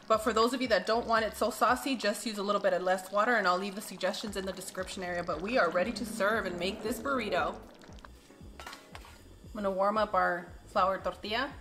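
A woman's voice: mid-range voice, a little fast, fairly bright tone. A woman hosting a home cooking channel, explaining recipes step by step in a friendly, chatty way with frequent laughs. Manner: friendly, laughs often, addresses viewers as friends. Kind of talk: recipe instruction with family chat.

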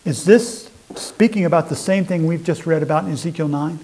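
A man preaching a sermon, his voice a little husky and sitting slightly high for a man. He reads scripture aloud with earnest emphasis and often restarts his phrases as he explains them to his listeners. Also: fairly quick, warm tone, rough recording. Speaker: pastor.

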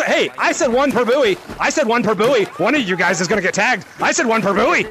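A man in his thirties excitedly shouting and laughing through VR gameplay commentary from his apartment, on a headset mic. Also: sits high, fast, hardly any pauses. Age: 30s. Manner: shouty, playful, laughing a lot. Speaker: gaming content creator.

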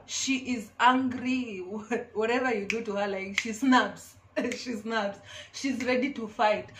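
A woman's voice: a little high, a little hiss or hum. A woman vlogger giving casual, emphatic advice to camera, repeating her key phrases.

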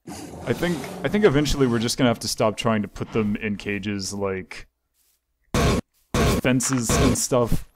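A man's voice: mid-range voice, slow pace, darkish tone. A male gaming host chats through his let's-play in an ordinary mid-range voice. He scolds and rambles with running exasperation. A faint noise floor sits under the recording. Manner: exasperated, scolding game creatures while rambling. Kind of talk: casual let's-play commentary.

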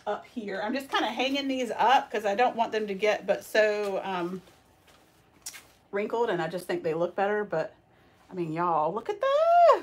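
A woman with a Southern US accent chatting casually to her livestream viewers while she works at her embroidery machines, calling them y'all. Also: medium pitch. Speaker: embroidery shop owner livestreaming her work. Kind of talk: casual live-stream chat while working. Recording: distant mic with loud sewing machine noise.

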